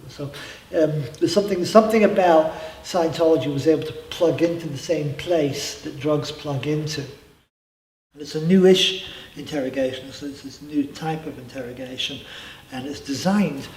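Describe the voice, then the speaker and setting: In an interview, a middle-aged man who was once a member reflects on his story, punctuated by emphatic asides. His voice is on the high side, a little mellow, at a moderate pace, and the distant recording sounds roomy with faint ambience.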